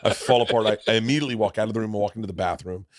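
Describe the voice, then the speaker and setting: A middle-aged man hosting a podcast, telling a long story in a casual, profane way and swinging from loud to hushed. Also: on the low side, racing, no room sound, clean studio sound. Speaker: podcast host.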